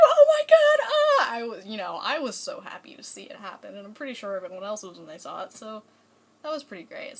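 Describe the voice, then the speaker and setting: A woman's voice: medium pitch, a bit bright, slight background noise, rough recording. A young woman chatting casually in a fan vlog, rambling and enthusiastic, full of fillers and restarts. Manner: gushing, enthusiastic. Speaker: vlogger.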